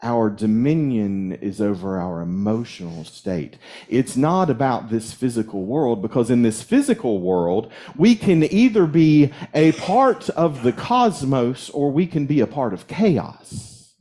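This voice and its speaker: Guy minister giving a sermon, mellow warm tone, chatty storytelling, little chuckles. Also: mid-range voice, very animated, unhurried. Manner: conversational, chuckles while telling stories. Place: church sanctuary.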